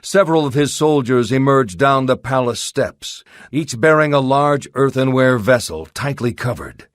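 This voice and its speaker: A man narrates a pulp adventure audiobook in a steady, dramatic voice of middling pitch. The sound is dry and close, as in a studio booth. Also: moderate pace, no echo.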